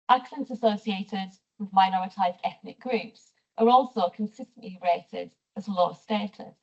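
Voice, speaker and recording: A middle-aged woman with a Teesside accent, giving a measured, explanatory university lecture as a sociolinguistics professor. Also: mid-range voice, darkish tone. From North East England. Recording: distant mic, dull lo-fi sound.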